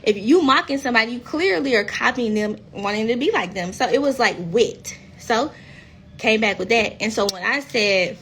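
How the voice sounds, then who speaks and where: A woman's voice: a little high, moderate pace, slight background noise. A woman in her thirties talking casually and bluntly on a phone live stream, swearing freely and acting out quoted speech. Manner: acts out quoted speech in lively voices. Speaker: reality TV cast member.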